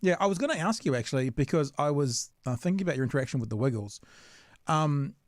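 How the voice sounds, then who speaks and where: A man's voice: a little high, lively intonation, quick pace, no room sound, clean studio sound. A man hosting a casual interview, asking rambling questions with restarts. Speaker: podcast host, interviewer.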